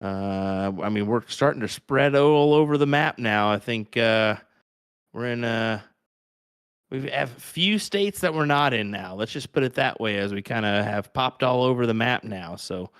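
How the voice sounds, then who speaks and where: A man's voice: medium pitch, expressive, normal speed, a bit bright, clean tone, no echo, studio quality. A man with a Kansas accent commentating on darts, chatty and laughing often as he tells stories. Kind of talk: live sports commentary banter.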